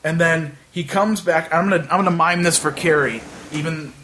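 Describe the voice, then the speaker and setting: A man's voice: a little high, fairly even intonation, moderate pace, bright, forceful tone. A man casually telling a long anecdote in a chat, rambling with many fillers and acting out the other people in it.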